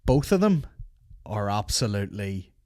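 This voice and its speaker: A man hosts a comedy podcast in a slightly low voice. He rants with plenty of swearing and mocking asides, and his delivery stays animated throughout. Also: moderate pace. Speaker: podcast host.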